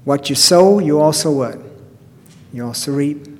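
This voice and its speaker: A man's voice: fairly high pitch, unhurried. A pastor preaching a sermon in a folksy storytelling way, asking his listeners rhetorical questions. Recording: reverberant church hall.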